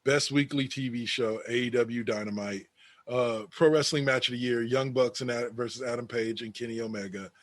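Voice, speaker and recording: A man's voice: medium pitch, fairly even intonation, moderate pace, dry recording. A man co-hosting a casual wrestling podcast, reading an awards list aloud with sarcastic asides. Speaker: podcast co-host.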